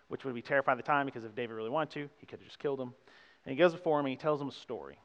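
Talking very fast in a mid-range voice, a young pastor delivers his sermon like a conversation, often checking in with listeners via "right?" asides. The audio is dull and drenched in long hall reverb.

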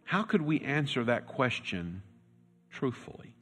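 A man preaching a sermon as pastor, telling a story and swinging from loud, urgent lines to hushed, quiet ones. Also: mid-range voice, very animated, a little slow, husky. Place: church sanctuary. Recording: long reverb with faint music.

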